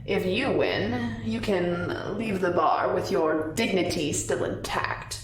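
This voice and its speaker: A woman's voice: fairly low pitch, slow pace, crowd noise. A woman voicing a cruel, cocky male card gambler who taunts with a sneering drawl. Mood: mocking. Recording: roomy distant mic.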